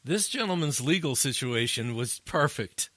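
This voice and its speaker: A man hosting a casual podcast chat, telling an animated story that climbs high at the funny parts. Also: moderate pace, no room sound. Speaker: addiction interventionist, podcast host.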